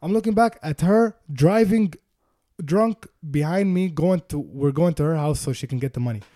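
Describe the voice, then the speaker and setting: A young man telling a wild story in casual podcast chat, animated, swearing and restarting often. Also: fairly high pitch, normal speed, no room sound, studio quality.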